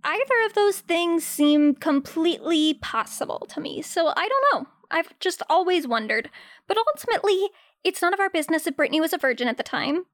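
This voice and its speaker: A woman's voice: extremely high pitch, animated, normal speed, a bit bright, dry recording, studio quality. A young woman giving casual commentary on a film, blunt and sarcastic, with casual swearing.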